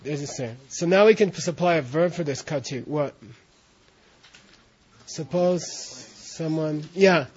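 A man's voice: a little high, a little slow, darkish tone, breathy edge. A man teaching a class, often checking in with his students as he explains, in a dull lo-fi recording of a classroom. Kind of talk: classroom instruction.

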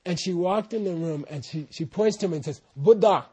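A man's voice: high voice, a little fast, dark tone, breathy edge. A man, a translator, telling meandering stories to a group in a casual way, with many asides. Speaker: translator telling stories about his teacher. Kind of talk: casual anecdotal talk to a group.

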